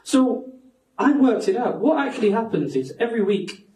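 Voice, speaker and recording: A man's voice: sits high, big pitch swings, moderate pace, mellow, recorded from a distance. A Scottish man doing a stand-up set on a comedy club stage, rambling, self-mocking and sweary. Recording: roomy club sound from off-mic.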